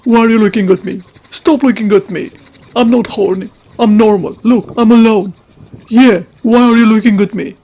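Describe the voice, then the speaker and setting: A woman's voice: a little high, fairly even intonation, moderate pace, dark tone, slightly rough, poor audio. A woman voicing a grumpy lone bird who snaps at onlookers in a comic wildlife voice-over. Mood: irritated. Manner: irritable, snappish.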